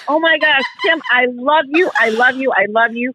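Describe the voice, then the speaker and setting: A woman's voice: high voice, moderate pace, sharp tone, slight background noise. A woman calling in by phone to a podcast, effusive and gushing with praise. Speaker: caller, guest's mother. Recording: dull phone line.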